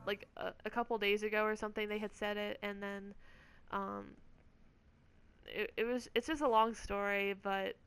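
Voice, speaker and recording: A woman's voice: mid-range voice, level tone, normal speed, fairly bright tone, clean tone. A woman gamer vlogger telling a story in a casual, rambling rant, swearing often and filling her speech with "like". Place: at home.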